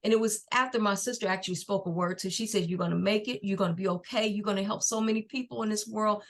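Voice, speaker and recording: A middle-aged woman, a podcast guest and nonprofit founder, telling her personal story in an earnest, faith-filled and unhurried way. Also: mid-range voice, fairly bright tone, a little hiss or hum. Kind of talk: personal testimony in a podcast interview.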